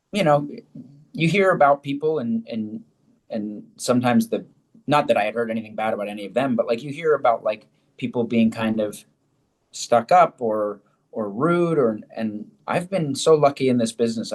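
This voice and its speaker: A man actor in a casual interview, talking in a rambling, easygoing way with frequent restarts. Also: medium pitch.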